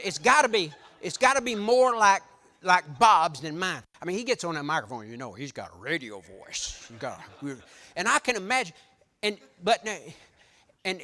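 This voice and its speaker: Male preacher, high, animated pitch, bright tone, folksy storytelling, church hall reverb. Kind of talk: sermon.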